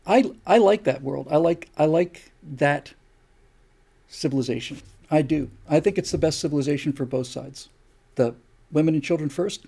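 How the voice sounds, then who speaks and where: A man's voice: a little high, normal speed, vocal fry, warm tone, breathy edge. An older man hosting a show, delivering an opinion monologue with emphatic, repeated rhetorical questions. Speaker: show host.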